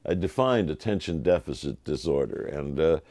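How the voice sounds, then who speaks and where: An older man, a television producer, telling lively anecdotes in an interview and acting out the voices of people he quotes. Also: very deep voice, normal speed, no echo. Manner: animated, acts out quoted voices.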